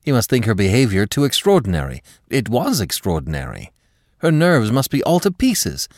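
A man narrating a classic short story for an audiobook podcast in a measured, expressive style. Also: on the low side, no room sound, studio quality.

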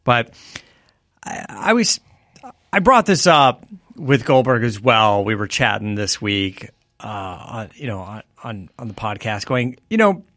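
A man's voice: on the low side, very animated, a little slow, a bit bright, no room sound, studio quality. A man co-hosting a podcast, chatting casually about cars and laughing often. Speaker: podcast co-host. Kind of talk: casual chat.

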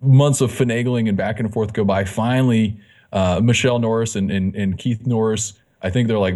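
A man's voice: lowish voice, normal speed. A man, a fitness magazine editor, telling his story as a guest in a casual interview, acting out the dialogue he quotes. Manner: animated, acts out quoted dialogue.

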